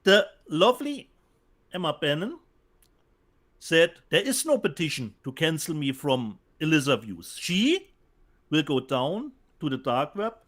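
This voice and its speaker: A man with a German accent co-hosts a relaxed show over a remote call from home, reading out viewer comments. His fairly high voice swings up and down a lot, and he speaks haltingly, often stalling and repeating words as he searches for the right phrase.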